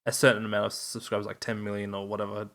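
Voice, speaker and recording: A man's voice: lowish voice, flat delivery, racing, a bit bright. A man co-hosting a casual podcast, throwing in joking quips with plenty of fillers. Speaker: podcast co-host. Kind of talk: casual chat.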